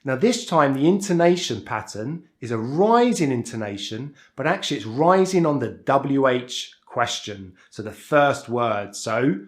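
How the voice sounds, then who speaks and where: A man with a British accent teaching an online pronunciation lesson, explaining clearly and deliberately with exaggerated rises and falls in his voice. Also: mid-range voice, lively intonation. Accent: British English.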